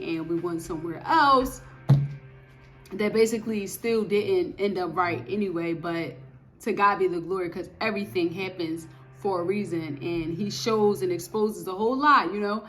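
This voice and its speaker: A woman giving a casual spoken testimony of faith, telling her story in an animated, emphatic way with lots of repetition. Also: on the low side, moderate pace.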